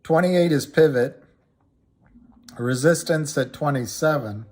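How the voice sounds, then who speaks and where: Slow rambling man hosting a livestream. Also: on the high side, a little mellow. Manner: slow, rambling, reads chat comments aloud. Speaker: livestream host. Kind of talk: casual livestream chat about stocks.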